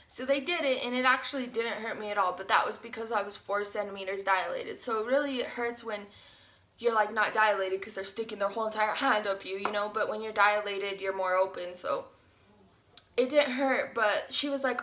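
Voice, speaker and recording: Bright, chatty young woman vlogger. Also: mid-range voice, a little fast. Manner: chatty, animated, says "like" often. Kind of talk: casual storytime.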